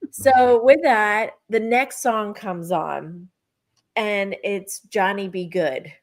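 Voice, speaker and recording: A middle-aged woman sits in on a casual spiritual chat and tells a personal story with animation. Her voice sits at a middle pitch, and she acts out her own past thoughts as she goes. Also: slow pace. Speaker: podcast co-host.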